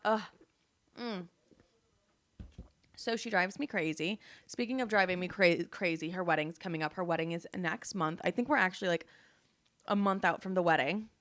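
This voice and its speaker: A woman in her twenties hosting a podcast, casually telling candid stories with frequent swearing and animated retellings. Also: on the low side, normal speed, long pauses, dry recording. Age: 20s. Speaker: podcast host. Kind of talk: casual storytelling chat.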